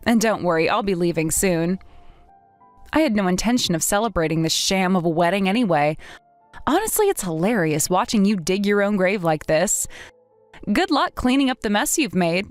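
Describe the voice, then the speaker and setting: A woman's voice: medium pitch, lively intonation, moderate pace, dry recording, soft background music. Firm, indignant young woman. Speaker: narrator and lead character. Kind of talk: dramatized story voice acting.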